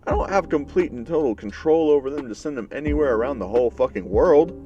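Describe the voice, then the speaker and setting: A man's voice: mid-range voice, very animated, normal speed, highs cut off, soft background music, lightly acted. A man voicing a cocky, hot-tempered young male hero who swears and mocks others. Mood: furious. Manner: swearing, sarcastic, shouty when riled.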